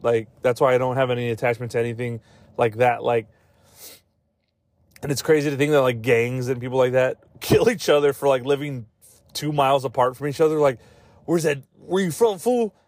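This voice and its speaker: A man's voice: mid-range voice, flat delivery, brisk, darkish tone, no echo. A man hosting a podcast in casual chat, rambling and swearing as he laughs at his own jokes. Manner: rambling, profane, laughs often. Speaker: podcast host.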